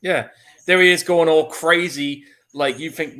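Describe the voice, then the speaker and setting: Chill guy chatting about a movie on a podcast, swears a lot, middle pitch. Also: normal speed. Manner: relaxed, swears casually. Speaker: podcast co-host. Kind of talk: casual movie commentary.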